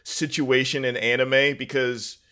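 A man on a podcast chatting in an animated, rambling way, often breaking into laughs. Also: mid-range voice, unhurried, smooth. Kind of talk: casual chat.

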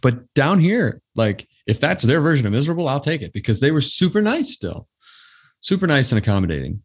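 A man's voice: medium pitch, sing-song, fairly quick, breathy edge. A man hosting his own podcast, chatting alone in a loose, rambling way full of fillers. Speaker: podcast host. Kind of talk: casual solo podcast chat.

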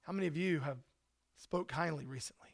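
A man preaching a sermon in an earnest way, rising to loud emphasis and dropping to soft, hushed lines. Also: a little high, brisk, vocal fry. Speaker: pastor.

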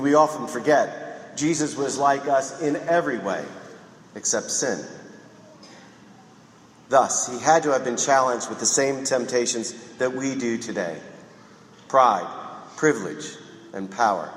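A man gives a homily in a measured, reflective voice, pausing often. His voice rings through a big church with a long reverb tail. A faint room hum sits underneath. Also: mid-range voice. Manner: measured, reflective preaching with pauses. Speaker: priest. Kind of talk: sermon. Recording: roomy echo in a large church.

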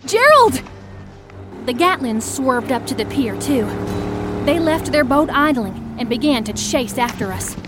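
A woman narrating a first-person audio story, expressive, acting out the shouted lines. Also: sits high, normal speed, over music.

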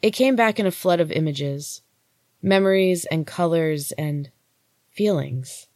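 A woman host reading a first-person story in a steady, unhurried way. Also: fairly low pitch, no echo, studio quality. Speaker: podcast host and story reader.

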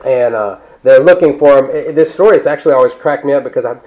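A male pastor preaching a sermon in a conversational, animated way, breaking off into asides and restarting his sentences. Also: mid-range voice, fast talker, highs cut off. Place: church.

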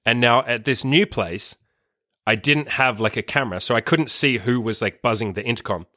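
A man's voice: mid-range voice, moderate pace, bright, forceful tone, dry recording, studio quality. A young man telling a long personal story in a casual, profane, emphatic way, full of "like". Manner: profane, emphatic, heavy use of "like". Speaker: storyteller host.

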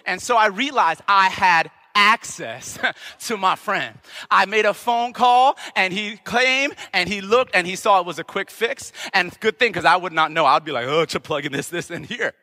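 A man preaching a sermon in a church, impassioned and building to emphatic shouts. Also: high-pitched, normal speed. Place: church sanctuary. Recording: long church hall reverb.

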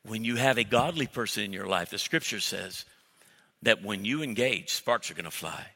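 A middle-aged male pastor preaches with a very bright, cutting voice that rings through a reverberant church hall. His delivery is blunt and emphatic, punching out lines and firing off mock arguments. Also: on the low side, expressive, normal speed, vocal fry. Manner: emphatic, blunt preaching with sudden loud mock-dialogue bursts. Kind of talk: sermon.

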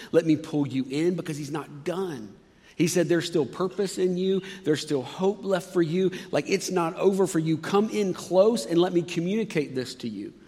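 A man preaching with a slightly higher voice, telling the story dramatically and dropping from excited, loud bursts to soft, hushed lines. His voice carries a long reverb, as in a large church hall. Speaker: pastor. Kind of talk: sermon.

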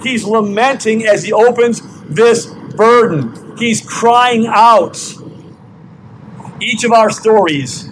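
An older man, a grandfather, preaching a sermon with slow, emphatic repeated questions. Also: high voice, slight background noise, rough recording. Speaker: pastor. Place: outdoor parking lot service.

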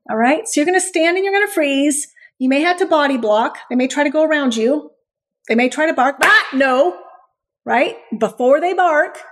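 A woman giving a blunt, animated talk as a dog trainer hosting a show, laughing often. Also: high-pitched. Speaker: dog trainer and podcast host. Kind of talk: instructional talk.

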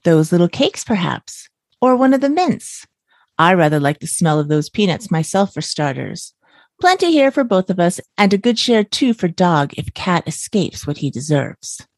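A woman's voice: fairly low pitch, very animated, moderate pace, dry recording. A woman doing a prim little mouse. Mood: gracious. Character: small polite mouse.

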